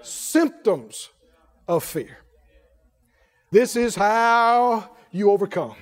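A man preaching a sermon, leading the congregation in call-and-response and rising to shouted, drawn-out declarations. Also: high-pitched, lively intonation, big-room sound. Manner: leads the congregation to repeat lines.

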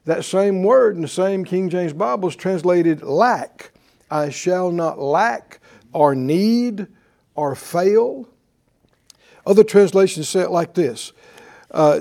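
A man's voice: high-pitched, dark tone. A male pastor preaching a sermon to a live congregation, with emphatic call-and-response delivery. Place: church before a live congregation.

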